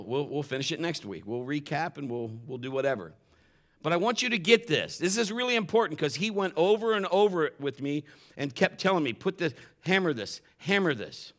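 A man preaching a sermon, often climbing louder and higher when he drives a point home. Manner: impassioned, rises sharply in pitch and volume when stressing points; admits getting emotional while preaching. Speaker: pastor.

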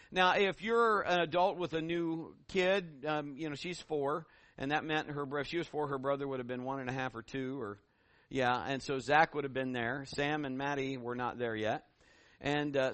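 A middle-aged male pastor tells homespun stories in his sermon. His voice sits high and lively. The sound is close and dry, with little room. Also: dry recording. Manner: animated, folksy storytelling.

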